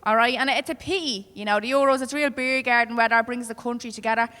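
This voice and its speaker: Performing stand-up at a comedy club, an Irish woman with a Dublin accent swears freely and tells brash, chatty stories to the crowd. She talks fast in a slightly high voice that sounds pushed and bright, with fairly even intonation and a long reverb tail.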